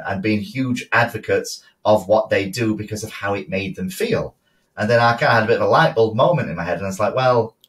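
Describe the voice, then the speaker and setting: A man co-hosting a casual business podcast, chatty and quick to laugh, often restarting his words. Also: on the low side, a bit bright, recorded from a distance. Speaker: podcast co-host, photographer.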